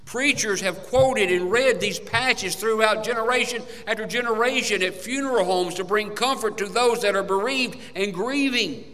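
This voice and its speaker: A man preaching a sermon, swinging between loud emphatic lines and hushed, low passages. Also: normal speed, hardly any pauses. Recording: long hall reverb.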